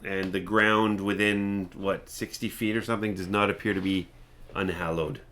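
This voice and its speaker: A man's voice: low-pitched, level tone, moderate pace, a bit bright, a little hiss or hum. A man running a tabletop game as game master, hesitant with many fillers and frequent laughs.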